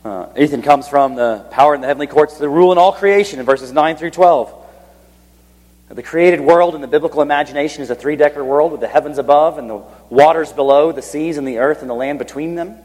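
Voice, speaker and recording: A man's voice: fairly high pitch, fairly quick, darkish tone. A man preaching a sermon, reading scripture aloud with swelling emphasis and then dropping to a near whisper when he speaks of awe. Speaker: pastor. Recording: long hall reverb.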